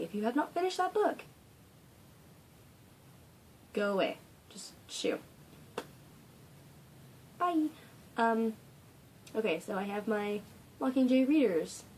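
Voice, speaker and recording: A woman's voice: a little high, dark tone, slight background noise. A teenage girl hosting a casual fandom Q&A vlog from home, gushing with dramatic asides. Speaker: fandom channel host. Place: home room.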